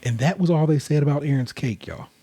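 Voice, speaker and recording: A man's voice: fairly high pitch, fast, dark tone, breathy edge. A man hosting a casual podcast, recapping in a rambling, conversational way with lots of fillers. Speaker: podcast host. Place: indoor room, recorded in person.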